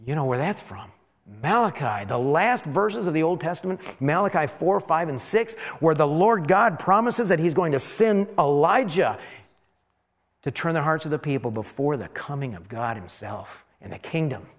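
A man playing a lively, rueful old priest. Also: fairly high pitch, normal speed, in a large hall. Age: older. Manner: animated, exclaiming, self-deprecating asides. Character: elderly male priest, amazed and rueful. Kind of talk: first-person dramatic sermon monologue.

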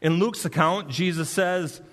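Slow, emphatic preaching man. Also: on the high side, fairly bright tone, big-room sound. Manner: earnest, emphatic preaching with dramatic pauses. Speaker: pastor. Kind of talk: expository sermon.

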